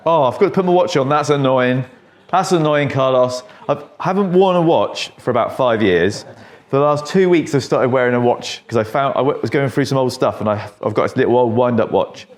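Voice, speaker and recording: Chatty English barber mid-haircut. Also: male voice, medium pitch, a little fast. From England. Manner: chatty, joking storyteller. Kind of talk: casual chat while cutting hair.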